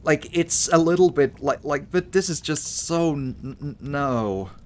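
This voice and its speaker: A man's voice: a little high, expressive, a little slow. A man commenting casually while playing a game, rambling and stammering through a rant. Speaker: gaming streamer. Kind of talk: casual let's-play commentary.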